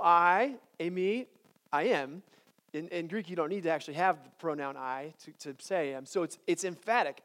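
A man giving a chapel sermon, talking conversationally with frequent restarts and then building to emphatic declarations. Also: sits high. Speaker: chapel speaker.

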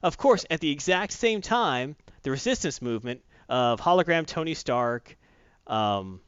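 A man's voice: a little high, unhurried, clean tone, dry recording. Rambling man recapping comics, lo-fi. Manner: rambling, animated storyteller who acts out quotes. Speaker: comic book podcast host. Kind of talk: casual comic recap chat. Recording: dull lo-fi dry recording.

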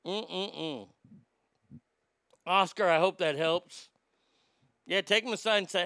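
Blunt, bright-voiced swearing male comic. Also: high voice, slow, long pauses, clean tone, no room sound, studio quality. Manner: blunt, swearing, riffing storyteller. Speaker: podcast host answering listener mail. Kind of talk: profane comedic advice rant.

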